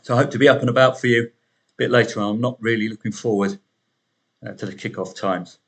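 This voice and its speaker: A man's voice: medium pitch, steady tone, quick pace. Chatty man hosting a betting podcast. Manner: chatty, wry asides. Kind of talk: solo podcast commentary.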